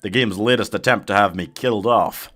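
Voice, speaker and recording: Man, live streamer, low voice, crisp bright tone, casual chat, frequent laughter. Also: fairly quick. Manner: chatty, answers chat, laughs often, yelps at in-game danger. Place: home streaming setup.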